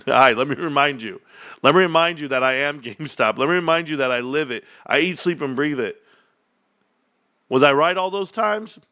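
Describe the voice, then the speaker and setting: A middle-aged man hosting a livestream, ranting in a boastful, animated way with frequent laughs. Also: a little high, normal speed. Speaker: stock livestream host. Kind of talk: excited stream rant.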